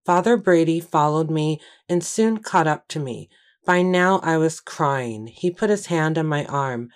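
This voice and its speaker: A woman giving first-person audiobook narration in a steady, measured storytelling manner. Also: low-pitched.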